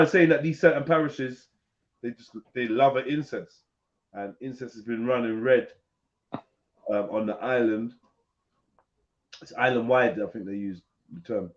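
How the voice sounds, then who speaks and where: A man hosting a casual live panel, reading an article aloud haltingly with jokes, over a video call. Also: medium pitch. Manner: joking, reads aloud haltingly. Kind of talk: casual live-stream banter. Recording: dull lo-fi stream audio.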